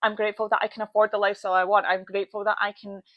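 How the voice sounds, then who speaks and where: A woman's voice: mid-range voice, little pitch movement, very fast, dry recording, muffled recording. A woman in her thirties hosting her own podcast, talking bluntly and swearing freely as she lists things to be grateful for and urges listeners to change their lives. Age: 30s. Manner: blunt, swears freely, repeats phrases for emphasis. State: tearful, voice breaking with emotion. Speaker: podcast host. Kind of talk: motivational solo podcast.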